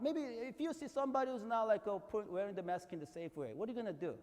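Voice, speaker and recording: Korean-accented pastor guy, kinda high voice, chatty sermon, big echoey hall. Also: fast talker, a little mellow. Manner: conversational storytelling with rising emphatic peaks. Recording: long hall reverb.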